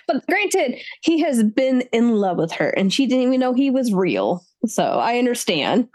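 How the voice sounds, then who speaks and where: A woman co-hosting a book review chat, talking casually and acting out her reactions with quick put-on voices. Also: a little high, very animated, darkish tone. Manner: chatty, acts out reactions in quoted voices. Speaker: book podcast co-host.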